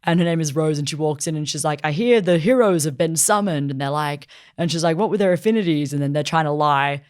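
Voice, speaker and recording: A woman co-hosting a casual anime chat, retelling a plot in animated style and acting out the characters' lines with lots of "like". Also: deep voice, quick pace. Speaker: podcast co-host reviewing anime.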